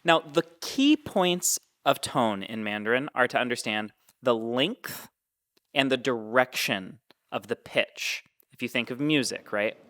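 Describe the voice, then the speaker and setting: A man's voice: mid-range voice, unhurried, a bit bright. A man teaching Mandarin tones, explaining patiently and demonstrating each sound. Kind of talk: explaining with spoken examples.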